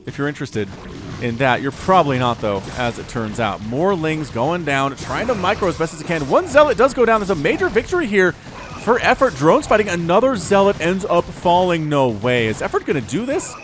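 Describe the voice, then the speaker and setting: A man casting a real-time strategy match with animated commentary and quick excited bursts. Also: on the high side, soft background music. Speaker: StarCraft caster.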